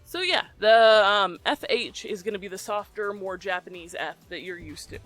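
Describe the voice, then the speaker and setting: A bright, forward voice walks through a software tutorial in an easygoing, conversational way, dropping in ums as it goes. Soft music plays faintly underneath. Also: mid-range voice, moderate pace, no echo. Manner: relaxed, chatty, with frequent ums. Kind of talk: casual tutorial explanation.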